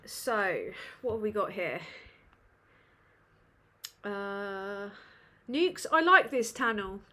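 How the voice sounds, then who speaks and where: A woman's voice: mid-range voice, lively intonation, extremely slow, pushed and bright. A woman from England, hosting a live Q&A in a sweary, self-mocking, rambling way. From northern England. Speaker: livestream host. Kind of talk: casual live Q&A chat.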